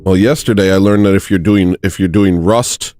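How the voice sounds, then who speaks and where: A man's voice: low-pitched, steady tone, normal speed, dark tone, soft background music. A man hosting a comedic livestream, talking in a rambling, joking, self-mocking monologue. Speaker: livestream host.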